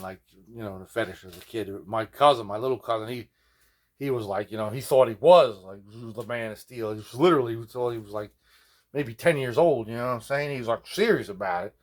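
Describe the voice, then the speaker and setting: A man who builds guitars, casually telling long rambling stories, constantly checking in with his listener. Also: lowish voice. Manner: rambling, digressive, constant "you know what I mean". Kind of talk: casual rambling storytelling vlog.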